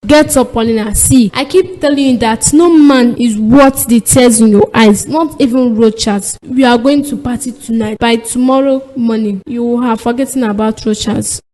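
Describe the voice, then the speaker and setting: A bossy, caring young woman coaxes her friend firmly with a Nigerian accent, as a woman voices her for a cartoon. Her voice is fairly high and her tone is warm and mellow. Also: moderate pace, few pauses, close to an everyday voice, poor audio. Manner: firm, coaxing. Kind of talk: cartoon voice acting.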